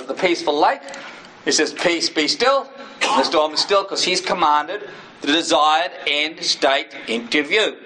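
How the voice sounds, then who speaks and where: A man's voice: fairly high pitch, bright, forceful tone, slight background noise, low-quality recording. A middle-aged man and former missionary giving an earnest teaching sermon, often checking in with "right?" and acting out quoted prayers and speech. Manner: earnest, repeats points with "right?".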